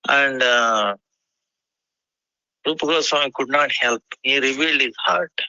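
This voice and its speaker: A man telling a devotional story in a halting way, often pausing with "you know". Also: medium pitch, pushed and bright, clear, resonant tone, no echo, highs cut off.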